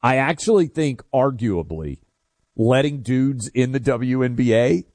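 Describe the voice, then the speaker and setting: A man hosting a call-in radio show, talking in a brash, joking, quick way. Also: mid-range voice, lively intonation, a little mellow, dry recording. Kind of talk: casual talk radio banter. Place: radio studio.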